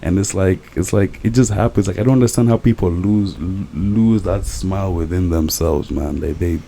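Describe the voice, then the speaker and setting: Deep, creaky young man talking drunk. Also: normal speed, warm tone, slight background noise. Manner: rambling, earnest, repeats himself. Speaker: podcast co-host. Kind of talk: casual late-night chat.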